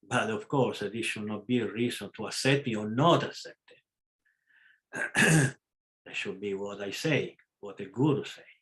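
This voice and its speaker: A man's voice: on the low side, low-quality recording. Man with a non-native English accent. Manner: halting, with fillers and self-corrections; frank and emphatic, with sudden loud stresses. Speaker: spiritual teacher. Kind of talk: live class lecture. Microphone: video call.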